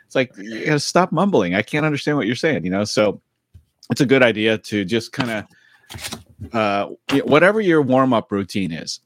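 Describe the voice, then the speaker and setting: A man's voice: lowish voice, no echo, studio quality. A man co-hosting a podcast, telling loose, rambling stories full of fillers. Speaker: podcast co-host. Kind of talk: casual podcast chat.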